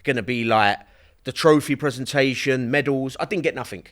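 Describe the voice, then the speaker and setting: Brief: middle-aged guy, relaxed rambling podcast guest, mid-pitched voice. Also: fairly quick. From South London. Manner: easygoing, rambling with many fillers. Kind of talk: casual podcast chat.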